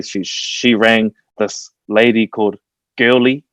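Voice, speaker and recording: A man's voice: fairly low pitch, unhurried, no room sound. A man, a TV presenter telling stories as a guest in a casual chat. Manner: animated storyteller, says "bro" a lot. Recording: dull lo-fi stream audio.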